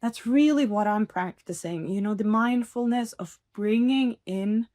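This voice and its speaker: A woman's voice: on the high side, unhurried, mellow, no echo, clean studio sound. A woman hosting a podcast on her own, talking earnestly and encouragingly in a casual way with frequent laughs. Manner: earnest, encouraging, laughs often, many fillers. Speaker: podcast host. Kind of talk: casual solo podcast talk.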